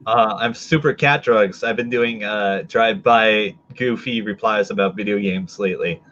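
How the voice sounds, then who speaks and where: A man co-hosting a casual podcast with dry, nitpicking jokes. His voice is bright and sharp. It comes through dull and lo-fi, as if over a weak line. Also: on the low side, moderate pace. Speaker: podcast co-host. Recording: dull lo-fi sound.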